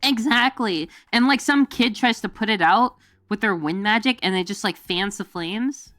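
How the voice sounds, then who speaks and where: A woman's voice: mid-range voice, normal speed, fairly bright tone, no room sound, faint music behind. Dry-voiced woman rambling on stream. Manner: rambling, laughing, many fillers. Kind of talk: casual chat.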